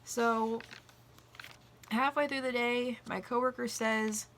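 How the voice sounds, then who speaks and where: Young woman vlogger, fairly high and sharp-toned, animated storyteller who swears casually. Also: slow pace, slight background noise. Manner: animated, acts out quoted voices, swears casually. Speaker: vlogger and restaurant worker.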